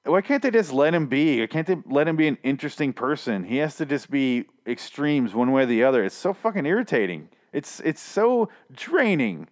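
A man ranting with exasperation and frequent swearing while reviewing a TV season. His voice is going hoarse from shouting. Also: fairly high pitch, big pitch swings, moderate pace, few pauses. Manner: exasperated, profane, repetitive. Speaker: TV show reviewer.

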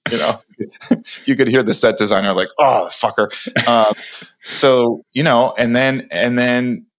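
A man in his forties, a podcast guest, telling an animated story with many restarts and acted-out lines. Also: medium pitch, measured pace. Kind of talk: casual storytelling interview.

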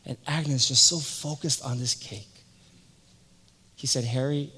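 A man's voice: medium pitch, fairly even intonation, measured pace, long pauses, sharp tone, husky. A male pastor giving a sermon, telling a story and acting out the voices of the people in it. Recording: long hall reverb.

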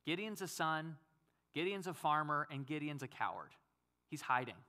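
A man's voice: fairly high pitch, animated, moderate pace, pushed and bright. A male pastor giving a conversational sermon, acting out quotes and asking the audience questions.

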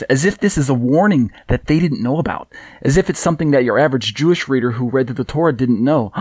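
A man's voice: mid-range voice, expressive, brisk, darkish tone, breathy edge, no echo. Man teaching scripture in a dry room. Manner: conversational, reads verses aloud and Hebrew, with fillers. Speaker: Bible teacher.

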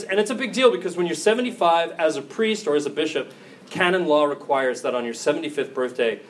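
Priest, 40s, slightly higher voice, jokey lively talk to students, faint hum behind. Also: male voice, far from the mic. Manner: animated, jokey, laughing asides. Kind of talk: casual talk to college students. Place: campus ministry gathering.

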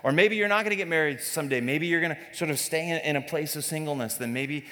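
A man's voice: fairly high pitch, fast talker, pushed and bright, in a large hall. A man preaching a sermon to a congregation, in a conversational, joking way with many restarts and fillers. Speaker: pastor. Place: church service.

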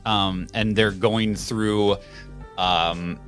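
A man's voice: on the low side, steady tone, drawn-out words, a bit bright, faint music behind. A man hosting a casual podcast, wry and rambling, with frequent fillers. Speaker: podcast host.

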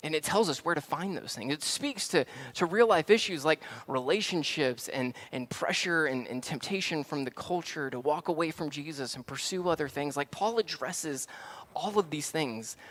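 A man preaching as a pastor in a relaxed, conversational way, telling a story full of fillers and restarts. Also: fairly high pitch, normal speed. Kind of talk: sermon.

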